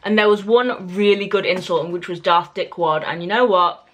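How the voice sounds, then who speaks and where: A woman's voice: mid-range voice, moderate pace, a bit bright. A young British woman with a British accent, chatting casually to camera in a review vlog. She is opinionated and talks loosely, with lots of fillers and restarts. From Britain. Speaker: book and TV reviewer.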